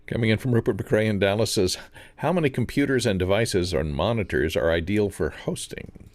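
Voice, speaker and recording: A man on a video call reading out audience questions in a measured way. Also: on the low side, no room sound.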